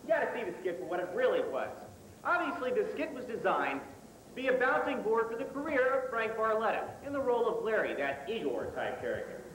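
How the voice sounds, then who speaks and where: A man's voice: high voice, big pitch swings, brisk, fairly bright tone, a little hiss or hum. Stammering pompous man, echoey hall. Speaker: student comedy skit performer. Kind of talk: mock film-critic banter. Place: stage in a hall. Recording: echoey hall on old camcorder tape.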